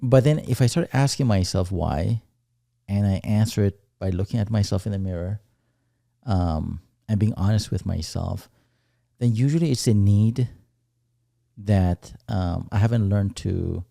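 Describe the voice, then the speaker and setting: A man co-hosting a podcast, talking things over in a reflective, unhurried way. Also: lowish voice, gravelly, dark tone, no room sound, clean studio sound. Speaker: podcast co-host. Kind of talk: casual chat.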